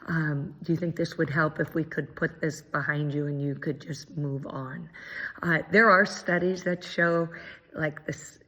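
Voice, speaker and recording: A woman's voice: low voice, a bit bright. A woman mediator giving an earnest, encouraging training talk, with frequent ums. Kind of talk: prerecorded presentation. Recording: dull, lo-fi audio with long reverb.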